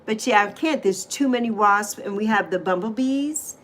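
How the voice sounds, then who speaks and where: A middle-aged woman from the U.S. Virgin Islands hosts a casual livestream, chatting animatedly and reacting to viewer comments with emphatic exclamations. Her voice is medium in pitch and a bit bright, and she talks at a moderate pace.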